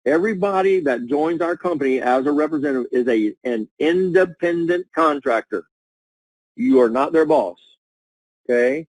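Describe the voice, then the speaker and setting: A man giving an energetic, repetitive coaching talk to a sales team over a webinar. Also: a little high, moderate pace, dry recording, poor audio. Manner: energetic, coaching, repeats himself.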